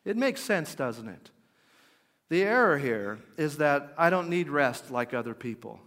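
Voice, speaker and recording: Man preaching in a reverberant hall. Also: a little high. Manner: conversational, asks the audience questions; drops to a quiet, slow voice for emphasis. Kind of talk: sermon.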